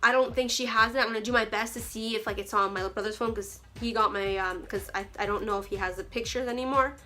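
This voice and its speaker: A woman's voice: on the high side, steady tone, fast, sharp tone, soft background music. A young woman vlogger telling a dramatic, chatty story with slangy asides. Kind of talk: storytime vlog.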